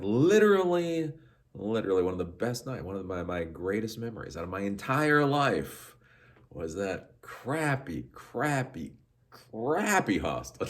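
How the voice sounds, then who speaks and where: A man hosting a podcast, telling a rambling story in a casual monologue with frequent restarts. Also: low-pitched. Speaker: podcast host.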